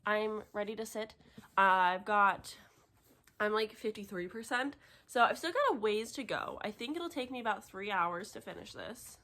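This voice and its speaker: A young woman in her twenties chatting casually in a reading vlog, excitable and gushing, laughing often and tearful from crying. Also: mid-range voice, moderate pace. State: tearful, having just cried. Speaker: book vlogger.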